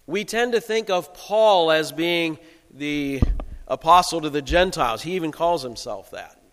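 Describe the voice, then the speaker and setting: A male pastor giving a sermon in a relaxed, conversational storytelling way. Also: on the high side, unhurried, big-room sound.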